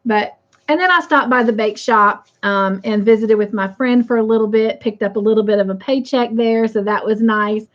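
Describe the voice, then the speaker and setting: A fairly high-voiced woman, chatting casually on a livestream as host. She rambles with lots of fillers and greets each viewer as she reads their comments aloud. The sound is muffled and lo-fi. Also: moderate pace.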